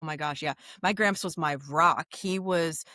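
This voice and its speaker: A woman in her thirties, a podcast guest with a neutral Midwestern American accent, telling animated stories with quick asides and frequent laughter. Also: deep voice, no room sound. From New Orleans. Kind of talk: casual interview chat.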